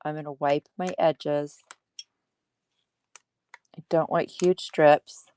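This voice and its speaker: Low, slow-talking woman hosting a craft demo. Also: steady tone, warm tone, clear, resonant tone. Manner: chatty, laughing at herself. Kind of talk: casual livestream craft demo.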